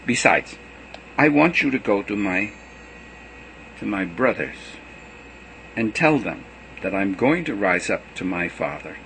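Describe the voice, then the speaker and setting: A man reading the lines of a calm, gentle male teacher in a measured way. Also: fairly low pitch, vocal fry, a little hiss or hum, exaggerated voice. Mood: reassuring.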